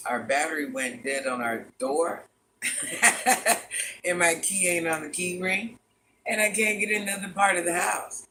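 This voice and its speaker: Over slight background noise, a man with a high-pitched voice that's pushed and bright speaks in an unhurried way while hosting a casual livestream as a granny. Viewers get greeted by name and called "child" and "honey bun," and he repeats lines for effect in a chatty, dramatic manner.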